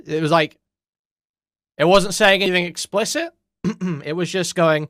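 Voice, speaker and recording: A man's voice: high-pitched, unhurried, long pauses, a bit bright, no echo. Emphatic man, dry close commentary. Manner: emphatic, blunt, mocking. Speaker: commentary host. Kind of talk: reaction commentary.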